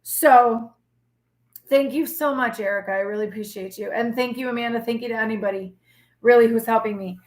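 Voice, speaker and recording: A woman's voice: on the high side, fairly quick. Sassy New woman, roomy echo. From New York. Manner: candid, sassy and feisty, rambling; forceful tone that can sound like yelling. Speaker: tarot reader and channel host. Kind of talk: casual live-stream talk to viewers. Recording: echoey room.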